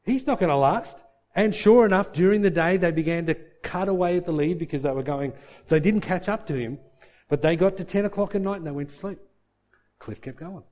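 Guy telling a story, kinda high but warm voice, really into it, acts out all the people. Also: fairly quick, dull audio. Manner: animated, acts out quoted voices, repeats words when excited. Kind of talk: motivational storytelling.

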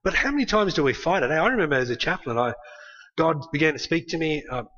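Man, preacher, conversational sermon, tag questions, forceful tone, slightly high voice. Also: big pitch swings, quick pace, lo-fi sound.

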